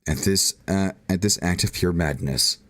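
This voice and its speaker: A man's voice: low voice, normal speed, fairly bright tone, no room sound, clean studio sound. A man reading aloud as a shy, anguished teenage girl narrating a visual novel, voicing her with emotional outbursts. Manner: reads emotionally, rising to pleading outbursts.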